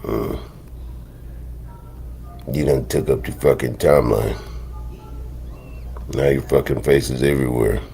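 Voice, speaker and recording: A man's voice: a bass voice, fairly even intonation, a little slow, creaky, pauses often, warm tone, a little hiss or hum. A man hosting a livestream in casual chat, hesitant and slangy, often repeating himself. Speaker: livestream host.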